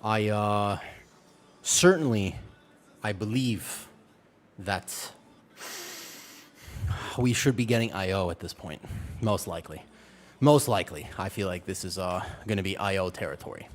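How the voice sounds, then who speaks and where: A man's voice: on the low side, measured pace, pauses often, slight background noise. A young man streaming a game, slightly out of breath from exercise and joking casually with his viewers. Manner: joking, chatty, talks to viewers. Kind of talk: casual live-stream chat. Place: home room with a fan.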